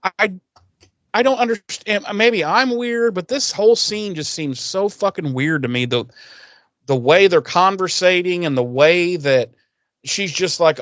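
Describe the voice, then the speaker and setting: A man with a high-pitched, expressive, fairly bright voice co-hosts a podcast, recorded with no room sound. He casually recaps a TV episode in a rambling, profane way, retelling scenes and briefly acting out the characters in quick voices.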